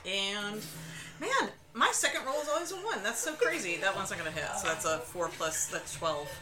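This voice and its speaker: A woman's voice: mid-range voice, expressive, normal speed, a loud crowd, low-quality recording. A woman playing a tabletop game, joking and bantering in a playful way. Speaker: player.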